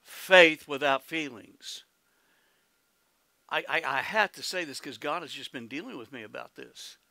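A man's voice: fairly high pitch, a little slow, gravelly, sharp tone, no room sound. A man with an Oklahoman accent preaching a sermon as pastor, folksy and exclamatory, calling out to the congregation and breaking into laughs and hallelujahs. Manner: laughs easily, calls out to congregation.

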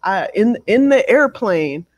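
A woman co-hosting a casual podcast, telling stories in an animated, joking way over a remote call from abroad. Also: mid-range voice. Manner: drawn-out, animated storytelling. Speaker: podcast co-host. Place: home abroad.

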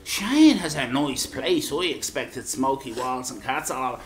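A man's voice: mid-range voice, animated, a little slow, roomy sound. An Irish man bantering on a live stream, rambling and teasing in local slang.

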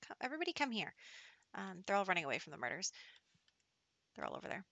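A woman's voice: mid-range voice, very animated, quick pace, sharp tone, dry recording, highs cut off. A woman giving casual, chatty commentary over her gameplay, giggling often and slipping into whispered asides.

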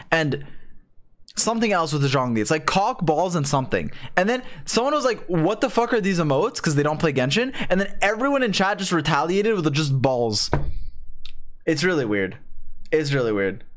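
A man's voice: on the high side, fairly bright tone. A young man streaming games, chatting casually with his viewers, swearing a lot and reading chat aloud.

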